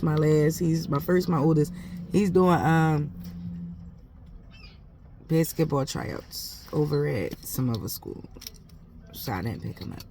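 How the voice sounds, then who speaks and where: A woman's voice: low voice, a little mellow, a little hiss or hum. Heated, profane woman telling a story. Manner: emphatic, heated, profane, talks in run-on bursts. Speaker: mother. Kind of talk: casual storytelling to camera.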